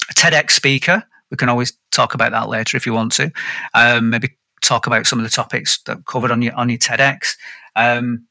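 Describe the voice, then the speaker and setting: A man hosts a casual podcast chat. He sounds upbeat and a bit rambling, restarting his sentences. His tone is very bright and the sound is dry. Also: mid-range voice, dry recording. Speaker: podcast host.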